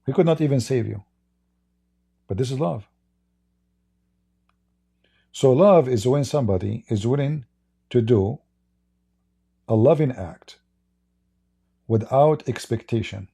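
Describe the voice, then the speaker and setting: Arab-accented male debater, gravelly and husky, sarcastic, repeats himself, stumbles into restarts. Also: medium pitch, animated, takes it slowly, long pauses, mellow. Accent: Arabic. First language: Arabic. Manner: sarcastic, repetitive, stammering restarts. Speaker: online religious debater. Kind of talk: addressing viewers in a stream.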